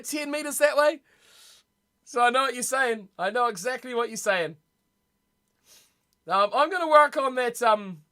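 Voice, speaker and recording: A young man hosting a casual live-stream rugby watch party from home, chatty and excitable, reacting aloud to his chat. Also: very high-pitched. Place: home room.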